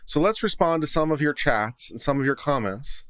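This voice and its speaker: A man's voice: a little high, expressive, moderate pace, fairly bright tone, no room sound. A man hosting a casual livestream, reading viewer comments aloud and answering with legal commentary. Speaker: host of a law commentary livestream. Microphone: studio condenser mic.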